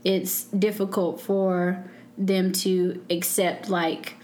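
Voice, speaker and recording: A woman's voice: on the low side, level tone, takes it slowly, darkish tone, a little hiss or hum. A woman co-hosting a casual group podcast chat, talking earnestly and rambling with lots of "like" and "you know". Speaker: podcast co-host.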